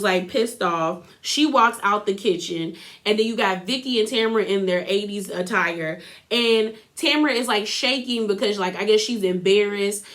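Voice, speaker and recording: A woman's voice: mid-range voice, a bit bright. A woman giving a casual, opinionated recap of a reality TV episode, talking loosely with lots of "like" and acting out what people said. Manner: chatty, full of "like" and opinions, acts out quotes.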